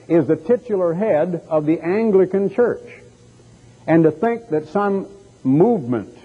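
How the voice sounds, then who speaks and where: A man's voice: on the high side, husky. A male radio evangelist delivering a broadcast sermon, firing off emphatic rhetorical questions. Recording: dull lo-fi recording.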